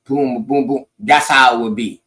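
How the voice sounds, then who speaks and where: A man runs through history in loose, casual talk. He is profane and emphatic, and he leans into his points as he explains. His pitch sits at a middle level. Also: fairly even intonation, normal speed, fairly bright tone, poor audio. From South Carolina, United States. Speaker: podcast host.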